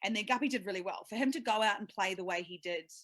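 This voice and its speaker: A woman, a sports broadcaster telling a lively story in casual podcast chat and acting out quotes. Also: medium pitch, fast, no echo. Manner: animated storytelling, acts out quotes.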